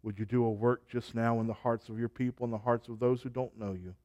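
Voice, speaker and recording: A man preaching a sermon and leading a closing prayer, building phrases through repetition and letting his line endings fall soft and quiet. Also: medium pitch, steady tone. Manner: slow, rhythmic preaching with repeated phrases and soft trailing endings. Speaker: pastor.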